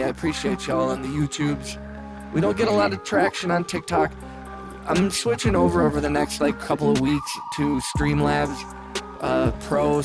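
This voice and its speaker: Laid-back man with a gravelly voice. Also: fairly high pitch. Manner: laid-back, rambling, reads chat aloud and jokes. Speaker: livestream host and music producer. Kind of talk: casual livestream chat. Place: home studio. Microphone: studio microphone. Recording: music playing under the voice. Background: music playing.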